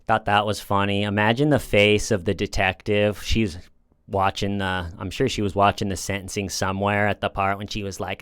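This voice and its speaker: A man's voice: on the low side, fairly bright tone, clean tone, dry recording, clean studio sound. A man hosting a casual commentary, talking in a sarcastic, mocking way. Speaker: commentary host.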